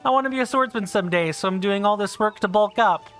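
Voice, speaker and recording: Game figure: earnest, excitable young swordsman-to-be boy, read aloud by a woman streamer, game music faint behind. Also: mid-range voice, quick pace, close to an everyday voice. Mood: eager.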